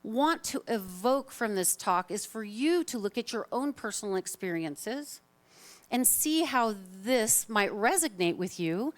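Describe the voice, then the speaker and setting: A woman's voice: on the high side, lively intonation, a little slow. A woman minister giving a live Sunday talk to her congregation in a chatty, informal, self-deprecating way. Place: spiritual center sanctuary, live congregation.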